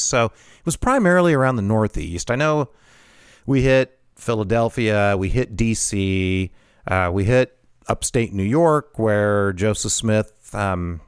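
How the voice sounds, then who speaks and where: A man casually telling a funny story about his past in an animated way, laughing often and acting out what people said. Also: on the low side, clean tone, dry recording, clean studio sound.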